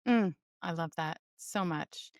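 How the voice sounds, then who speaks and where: A woman hosts an interview, affirming her guest and posing questions. Her voice is smooth and resonant at a middle pitch, recorded dry and close. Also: slow pace, dry recording. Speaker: podcast host. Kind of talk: interview conversation.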